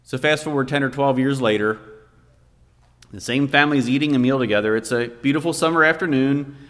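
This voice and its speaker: A man's voice: medium pitch, brisk, fairly bright tone. A man preaching a sermon, telling a family story to make his point. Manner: storytelling, vividly recounting a scene. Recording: long hall reverb.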